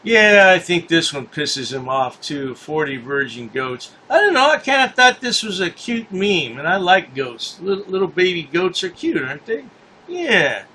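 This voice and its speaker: A man's voice: sits high, sing-song, normal speed, sharp tone, a little hiss or hum. A man hosting a commentary channel, mocking a news story in a sarcastic, scornful way and repeating his points for effect.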